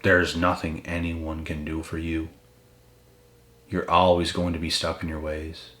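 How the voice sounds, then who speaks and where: Deep-voiced man ranting bluntly in an echoey room. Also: little pitch movement, a little slow, fairly bright tone. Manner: blunt, profane, confrontational. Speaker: motivational channel host. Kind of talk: ranting motivational monologue. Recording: echoey room with faint noise.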